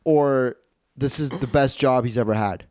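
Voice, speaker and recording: Smooth-voiced man telling a funny story. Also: mid-range voice, moderate pace, dry recording, clean studio sound. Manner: animated, profane, acts out the people in his stories. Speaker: podcast host. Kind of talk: comedic storytelling.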